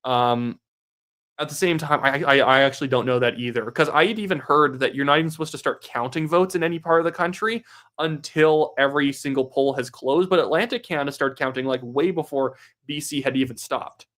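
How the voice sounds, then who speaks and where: A man's voice: on the high side, a little fast, fairly bright tone. Young man hosting casual election commentary. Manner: casual, reads viewer donations aloud and reacts. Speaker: livestream host. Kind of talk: live election-night commentary.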